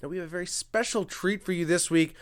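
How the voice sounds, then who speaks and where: A man hosting a comedy podcast, delivering a monologue in an energetic, mock-grandiose and self-mocking manner. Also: sits high, fast talker. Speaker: podcast host.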